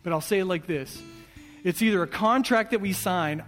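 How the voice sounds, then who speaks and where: A man preaching a sermon as pastor, earnest and repetitive, easing into soft prayer. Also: high voice, moderate pace. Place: church hall. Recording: echoey church hall. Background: soft guitar.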